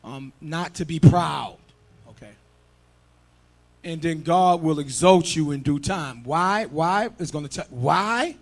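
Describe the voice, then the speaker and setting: A man preaching a sermon, emphatic and quick to shout, firing rhetorical questions and leading his listeners in call-and-response. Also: a little high. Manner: calls for scripture reading and call-and-response.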